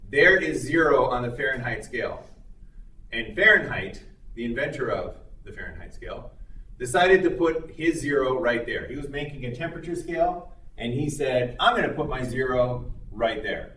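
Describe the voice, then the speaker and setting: A man's voice: medium pitch, sharp tone. A man giving a recorded psychology lecture in a conversational way, with many hesitant fillers and acted-out dialogue. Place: classroom. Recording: roomy, distant mic.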